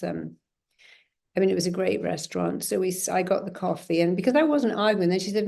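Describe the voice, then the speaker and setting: A middle-aged woman, a therapist guest in an interview, acting out dialogue with lively shifts in her voice. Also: mid-range voice, fairly quick, vocal fry. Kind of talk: conversational interview.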